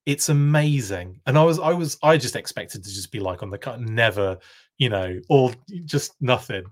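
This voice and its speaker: A man's voice: mid-range voice, expressive, normal speed. A man with a British accent hosting a live stream, telling a long rambling anecdote full of tangents. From United Kingdom. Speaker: live show host. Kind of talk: casual live-stream chat.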